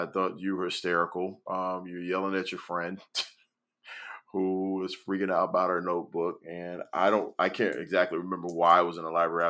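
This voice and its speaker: A man's voice: low-pitched, pushed and bright. A man in his forties, a guest on a podcast, talking casually and hesitantly with many fillers. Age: 40s. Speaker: podcast guest, school educator.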